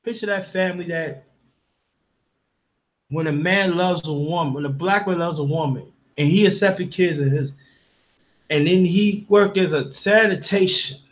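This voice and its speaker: A man's voice: sits high, moderate pace. Emotional rambling man from Brooklyn. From Brooklyn, New York. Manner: rambling, heartfelt, with many restarts. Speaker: panel host. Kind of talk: casual storytelling talk.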